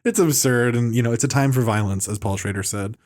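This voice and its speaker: A man's voice: mid-range voice, fast talker, a little mellow. A man hosting a casual film podcast, rambling through reviews with restarts, fillers and mocking asides. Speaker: podcast host.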